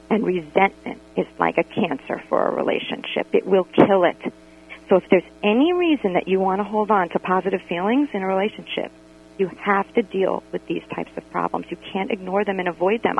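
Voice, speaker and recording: A woman calling in to a radio show by phone, telling a story in an animated, exasperated way. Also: mid-range voice, gravelly, a little hiss or hum. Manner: animated, exasperated retelling with quoted dialogue. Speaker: radio caller. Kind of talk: call-in storytelling about a friend. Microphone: telephone. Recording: tinny phone line on radio.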